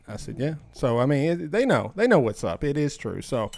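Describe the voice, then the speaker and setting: A man's voice: mid-range voice, big pitch swings, creaky, darkish tone, no echo. A man hosting a podcast, chatting casually and reading a listener letter in an easygoing way. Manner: easygoing, quick to laugh and chime in. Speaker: podcast host.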